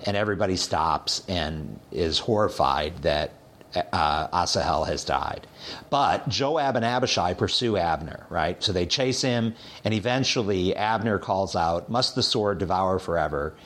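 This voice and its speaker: A man with a lowish voice talks through a scripture passage in a relaxed study conversation. He narrates in an animated way, stopping often with ums and repeated words. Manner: animated retelling with hesitant fillers. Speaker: Bible teacher.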